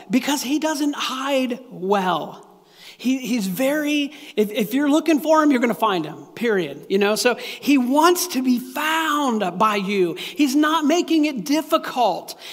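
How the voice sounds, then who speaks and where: A man preaching a sermon as a pastor, earnest and animated, often repeating himself. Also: very high-pitched, measured pace. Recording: long hall reverb.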